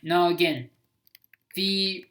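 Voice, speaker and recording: A man's voice: sits high, extremely slow, fairly bright tone. A man giving casual commentary on his own homemade film, hesitant and self-critical, with many restarts.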